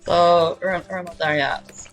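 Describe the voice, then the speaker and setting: A young woman streamer with a fairly low pitch and fairly even intonation chats slowly and casually while playing a video game, with faint game music behind her. She's giggly and repeats words as she thinks, and the audio is poor.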